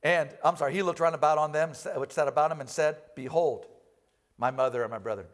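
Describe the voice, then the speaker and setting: High-voiced preaching pastor. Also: male voice, quick pace. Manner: animated preaching, rising loud for emphasis and dropping low for quoted lines. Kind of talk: sermon. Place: church.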